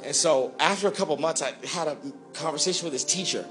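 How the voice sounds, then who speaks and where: A young man preaching a sermon, shouting and half-singing at his peaks, then dropping into quick, quiet joking asides. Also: on the high side, reverberant, music in the background. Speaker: pastor.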